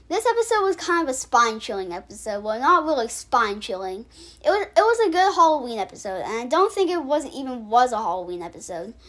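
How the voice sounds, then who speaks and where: High-voiced rambling woman ranking episodes. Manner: rambling, with frequent restarts and filler words. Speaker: channel host. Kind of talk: casual episode-ranking commentary.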